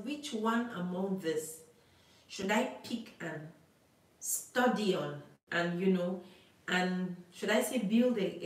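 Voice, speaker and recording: A woman's voice: mid-range voice, heavy reverb, distant mic, low-quality recording. A woman preacher giving prophecy in a live prayer session, declaring, repeating phrases and praying over callers.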